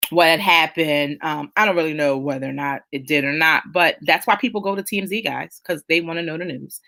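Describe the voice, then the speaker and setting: A woman's voice: sits low, fairly bright tone. A middle-aged woman hosting a casual live chat, talking emphatically and reading out viewer comments. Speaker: host of a live chat show.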